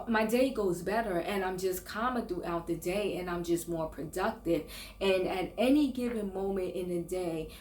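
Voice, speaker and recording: A woman's voice: fairly low pitch, a little mellow, a little hiss or hum. Earnest older woman vlogging in echoey room. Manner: earnest, encouraging, with restarts and stumbles. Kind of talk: casual faith and self-help vlog.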